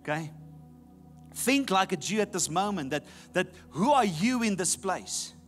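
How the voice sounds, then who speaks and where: A man's voice: high voice, animated, measured pace, soft background music. A man preaching a sermon emphatically, repeating his key phrases. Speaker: pastor.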